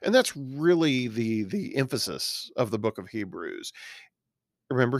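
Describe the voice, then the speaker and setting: Middle-aged male pastor, explanatory and earnest, average pitch, dead-dry room. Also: no room sound. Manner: earnest, explanatory, pauses to search for words. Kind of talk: verse-by-verse Bible study.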